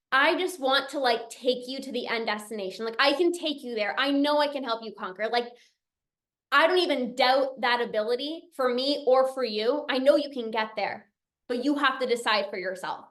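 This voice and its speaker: Young woman coach giving a pep talk, high voice, earnest and a bit emotional, keeps repeating herself for emphasis. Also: normal speed, a bit bright. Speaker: binge eating coach and podcast host. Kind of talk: motivational talk, reading out member comments.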